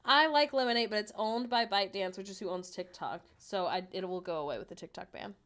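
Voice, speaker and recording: A woman's voice: mid-range voice, quick pace, a bit bright. A young woman chatting casually on a livestream from home, joking and laughing often at herself. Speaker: streamer. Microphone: desk microphone.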